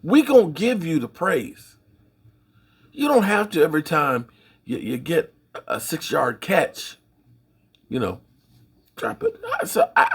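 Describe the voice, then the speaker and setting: A middle-aged man hosting his own sports channel, giving folksy, opinionated commentary in a rambling, casual way with a husky voice. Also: on the high side, a bit bright.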